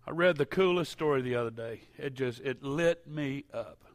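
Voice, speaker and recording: A man preaching a sermon in a church, telling stories and at times rising to loud, impassioned shouting. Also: medium pitch, normal speed. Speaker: pastor.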